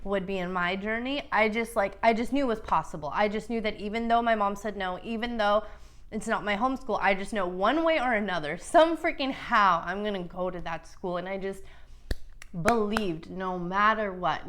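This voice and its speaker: A woman hosting a vlog casually tells a personal story to camera, chatty and earnest, with lots of "like" and some mild swearing, building to emotional emphasis. Her voice is medium-pitched, smooth and fairly bright.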